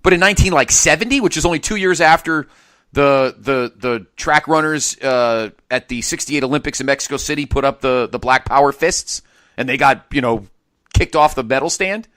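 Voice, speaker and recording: A man in his forties co-hosting a podcast in casual chat, animated and prone to trailing off and restarting. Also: mid-range voice, moderate pace, no echo. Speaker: podcast co-host.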